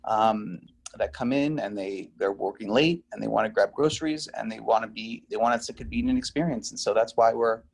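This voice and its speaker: A man representing a business, explaining store plans in a halting way at a neighborhood council meeting held on a video call. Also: on the low side, gravelly.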